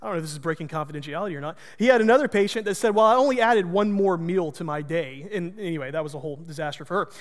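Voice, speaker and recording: High-voiced pastor guy telling a story, folksy and self-mocking, long hall echo. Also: rapid-fire, hardly any pauses. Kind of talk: sermon storytelling.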